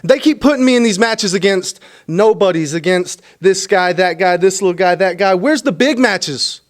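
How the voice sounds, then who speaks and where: A man's voice: sits high, expressive, moderate pace. A man cutting a wrestling promo as a wrestler, boastful and dismissive, complaining about his matches.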